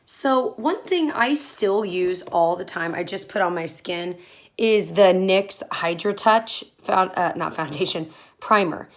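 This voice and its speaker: Her voice is fairly low and a little slow: a twenty-something beauty vlogger chatting to her camera as she gets ready in a small home room. Sounding tired, she drifts between thoughts and laughs frequently.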